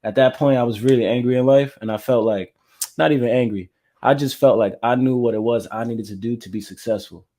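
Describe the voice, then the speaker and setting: A man from Florida, a music artist interviewed as a guest, telling his own story in a reflective, measured and candid way. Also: medium pitch, fairly even intonation, dark tone.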